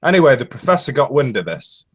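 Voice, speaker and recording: A man's voice: medium pitch, sing-song, fast talker, husky. A British man co-hosting a casual live-stream chat, telling jokes and bantering. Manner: joking banter, tells jokes. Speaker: co-host.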